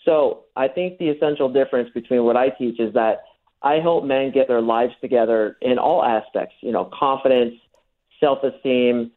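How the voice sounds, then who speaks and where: He speaks at medium pitch and normal speed, with fairly even intonation. This dating coach is explaining his techniques in a radio interview, acting out his quoted lines, and the recording sounds thin, like a phone line.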